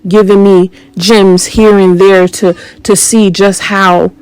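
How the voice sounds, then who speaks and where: Woman, spiritual monologue host, slow deliberate delivery, pointed rhetorical questions, dry close sound. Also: mid-range voice, flat delivery, a little mellow, clean tone, no room sound, poor audio. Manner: confrontational, rhetorical questions, emphatic.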